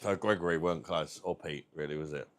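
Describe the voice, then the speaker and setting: A man's voice: very deep voice, quick pace, a little hiss or hum. A British man hosting a livestream, chatting casually and rambling, swearing freely. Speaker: livestream host.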